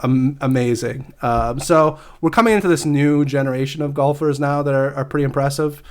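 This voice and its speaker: A man co-hosting a podcast, chatting casually in a rambling, halting way. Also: medium pitch. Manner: rambling, halting, with many fillers. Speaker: podcast co-host. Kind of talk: casual chat.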